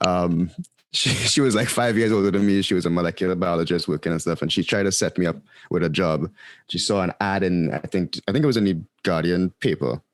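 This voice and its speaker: A man appearing as a podcast guest, telling a story in a quick, animated way with frequent ums. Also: sits low, no echo. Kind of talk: casual storytelling.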